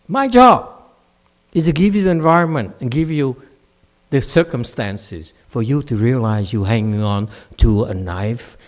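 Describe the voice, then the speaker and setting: A meditation teacher with a mid-range voice gives a dharma talk answering students, speaking English as a second language after Chinese. He's blunt and scolding, mocks his students' excuses, and swings between loud outbursts and quiet muttering.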